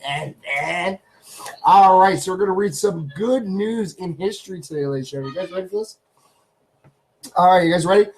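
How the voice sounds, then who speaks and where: A chatty Canadian man hosts a casual live stream from his home studio, his darkish voice sitting a little on the high side on a low-quality recording. He often repeats himself and talks to his pets in between reading out viewers' names.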